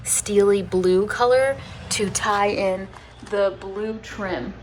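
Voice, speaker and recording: A chatty woman narrates her home renovation in a relaxed vlog, laughing often and thinking aloud. Her voice sits at an ordinary middle pitch. A faint hiss runs under her talk. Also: slow. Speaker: homestead vlogger. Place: inside a house being renovated.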